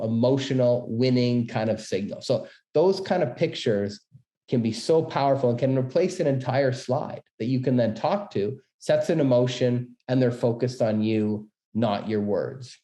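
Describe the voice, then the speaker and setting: Fast-talking man in an echoey room. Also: medium pitch. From Canada. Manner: fast, energetic talker with many quick asides. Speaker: business school dean giving a webinar talk. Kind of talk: presentation tips lecture. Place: room, webinar. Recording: roomy echo.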